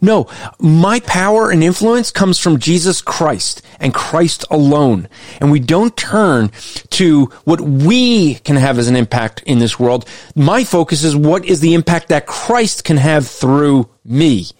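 A man with a fairly high voice delivers pointed Christian commentary, pressing each argument with emphasis. He slows down deliberately to read passages aloud. The sound is dry and close, with no room around it. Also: lively intonation, a little mellow, no echo. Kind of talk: critical commentary on a list of values.

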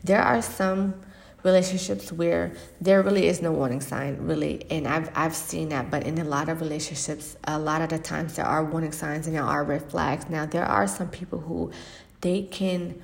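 A woman with a low, gravelly voice hosts a faith-based podcast monologue. She speaks in a flat, even tone, earnest and reflective, pausing often and filling gaps with soft ums. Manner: earnest and reflective, with frequent pauses and fillers. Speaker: podcast host. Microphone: podcast microphone.

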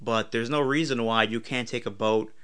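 This is a man co-hosting a casual podcast. His tone is bright and forward, and he talks playfully, tossing out jokes and pushing his ideas with enthusiasm. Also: medium pitch, steady tone, moderate pace, clean tone. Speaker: podcast co-host. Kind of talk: casual chat.

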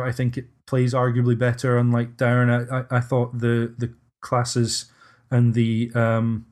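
A man's voice: mid-range voice, a little mellow. A man hosting a casual podcast discussion, hesitant and often restarting his sentences. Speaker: podcast host.

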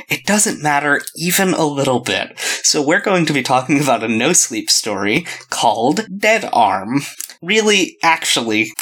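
A man's voice: medium pitch, fairly bright tone. A man hosting a podcast, talking in a wry, meandering way and poking fun at himself. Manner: self-deprecating, meandering, wry; mock-dramatic intro narration. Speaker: podcast host. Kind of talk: rambling podcast chat.

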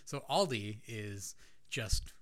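A man's voice: lowish voice, lively intonation, takes it slowly, fairly bright tone. A man from the American Midwest chatting in an easygoing way and drifting into tangents. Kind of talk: casual chat.

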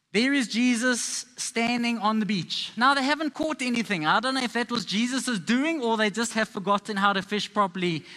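A man's voice: sits high, sharp tone. A man preaching a sermon to a live congregation, telling Bible stories in a playful, conversational way. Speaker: pastor.

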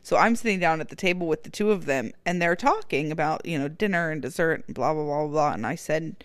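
A woman's voice: low-pitched, expressive, quick pace, no room sound, studio quality. Laughing mother in a casual chat. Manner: laughs often, quotes her kids. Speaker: podcast co-host, mother.

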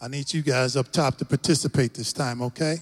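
Texan preacher in a ringing church hall. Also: male voice, mid-range voice, fairly even intonation, fairly quick. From Texas. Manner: rousing, call-and-response with the congregation. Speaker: guest pastor. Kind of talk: sermon. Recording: long church hall reverb.

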